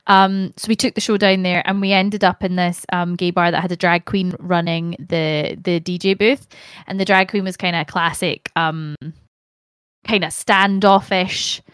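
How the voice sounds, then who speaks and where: A young woman with a Scottish accent, chatting as a guest on a podcast. She tells lively stories and swears now and then. Her voice is recorded dry, with no room echo. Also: fairly low pitch, moderate pace, clear, resonant tone. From Scotland. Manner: animated storyteller, swears casually. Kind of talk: casual chat.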